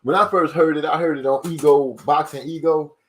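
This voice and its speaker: A man hosting a casual livestream, reading viewer comments aloud and rushing and stumbling over his words. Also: a little high, steady tone. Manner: fast-talking, rushes and stumbles over words. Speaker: livestream host.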